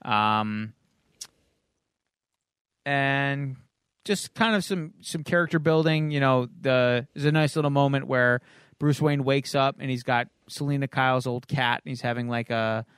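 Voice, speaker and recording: Smooth-voiced man casually recapping a comic. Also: medium pitch, a little slow, fairly bright tone, dry recording, studio quality. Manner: loose, rambling retelling with frequent um and uh. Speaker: podcast host.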